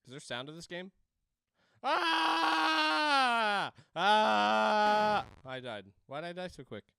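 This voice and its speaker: A man's voice: medium pitch, animated, quick pace, fairly bright tone, clean tone, dry recording. A man playing a video game at home into a desk microphone, rambling, laughing and breaking into screams. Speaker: game streamer. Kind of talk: let's-play commentary. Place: home room.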